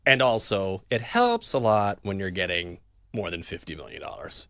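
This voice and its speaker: Bright, playful male sports host. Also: low-pitched, lively intonation, normal speed, no room sound, clean studio sound. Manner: playful, jokey. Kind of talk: casual sports chat.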